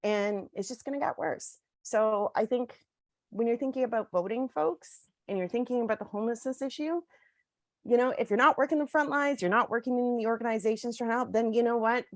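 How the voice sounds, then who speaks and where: A woman's voice: fairly high pitch, a little fast, dry recording. A Canadian woman who works on the front lines of social services, speaking bluntly and angrily at a townhall, with lots of "like" and "you know". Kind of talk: impassioned townhall speech.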